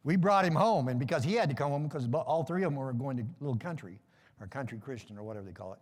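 A man's voice: medium pitch, animated, fast, long reverb tail. A middle-aged man preaching a sermon in a folksy, joking way, calling for amens. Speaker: pastor.

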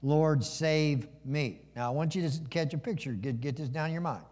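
A man with a fairly high voice preaching a sermon, his words trailing off into the long reverb of a big hall. He talks to the congregation like a neighbour, folksy and joking, and keeps asking them questions. It sounds like a church sanctuary. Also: quick pace, darkish tone. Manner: conversational, asks the congregation questions.

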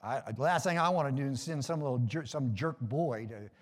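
A man's voice: medium pitch, brisk, in a large hall. A middle-aged man preaching a sermon in a folksy, joking way, calling for amens. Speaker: pastor.

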